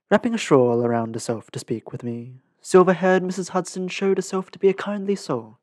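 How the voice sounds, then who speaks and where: Dry, measured audiobook narrator. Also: mid-range voice, a little mellow, no room sound. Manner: measured, careful reading with small restarts. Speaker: audiobook reader. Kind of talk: storybook narration.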